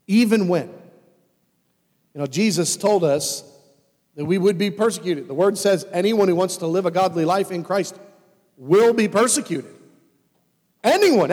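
A man preaching a sermon as pastor, animated and swinging between loud emphasis and hushed asides. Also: sits high, slightly rough. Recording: long hall reverb.

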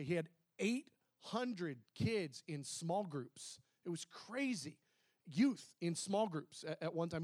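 A man preaching, telling his story to a congregation, animated, with fast excited bursts, slow emphatic stretches and acted-out dialogue. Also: sits high, no room sound, clean studio sound. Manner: acts out quoted dialogue.

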